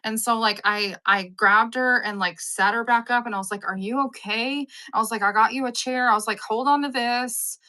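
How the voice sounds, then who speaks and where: A woman's voice: fairly high pitch, normal speed, hardly any pauses. A woman, hosting a live stream and chatting with viewers, rambling through stories and acting out the people in them. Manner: rambling, animated storyteller who acts out the people in her stories. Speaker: live-sale stream host. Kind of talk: casual chat with live viewers.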